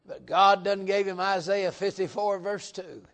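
A middle-aged man preaching a folksy revival sermon, joking with the congregation and swelling into loud emphatic bursts. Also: high-pitched, fairly even intonation, measured pace.

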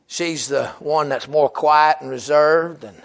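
A young man, preaching a humorous sermon. He tells stories loudly, often laughing and breaking into shouts. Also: fairly high pitch, steady tone, a little slow, gravelly.

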